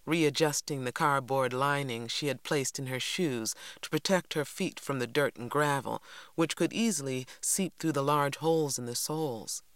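A man giving a measured, unhurried audiobook narration. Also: mid-range voice, a bit bright, clear, resonant tone, no echo.

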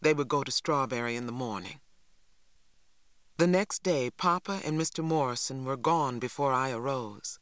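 A man narrating an audiobook in an even, measured way, close to the mic. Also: mid-range voice, dry recording. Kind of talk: scripted narration.

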